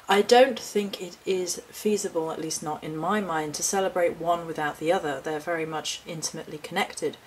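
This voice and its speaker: A woman vlogging about her handmade nature altars, speaking with passion in a lilting, expressive way. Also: on the low side, slightly rough. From United Kingdom. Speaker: hedge witch and altar maker. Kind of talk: spiritual vlog talk.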